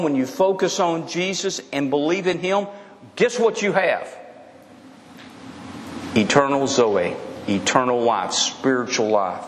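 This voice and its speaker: A male pastor delivering a sermon, pressing his points by repeating words and circling back mid-sentence. His voice sits on the higher side for a man. A long reverb from the sanctuary trails each phrase. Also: measured pace. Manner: emphatic, repeats key phrases, frequent restarts. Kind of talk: expository sermon.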